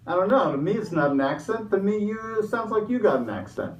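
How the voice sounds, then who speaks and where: A man's voice: sits high, big pitch swings, fairly quick, a little hiss or hum. A man playing a greedy, smug Easter Bunny in a comedy sketch interview, talking like a pushy salesman. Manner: wisecracking, pushy salesman patter. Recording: echoey room, mic far off.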